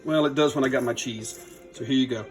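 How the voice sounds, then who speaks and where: A chatty man hosts a home cooking video. His voice sits at an ordinary middle pitch, and he keeps a folksy, upbeat tone. Faint music plays behind him. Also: fast. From Louisiana. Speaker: cooking channel host. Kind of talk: casual cooking demo. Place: home kitchen.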